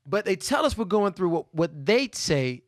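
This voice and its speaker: A man's voice: sits high, very animated, normal speed, dry recording, studio quality. A man co-hosting a podcast, telling a story in loose slang and acting out other people's lines. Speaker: podcast co-host. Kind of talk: casual storytelling chat.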